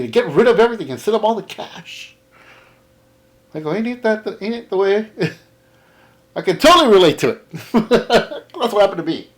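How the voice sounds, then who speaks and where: A man from Texas, telling a casual vlog story about a garage sale, laughing often and acting out both sides of the chat. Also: sits high. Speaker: comic collector vlogger.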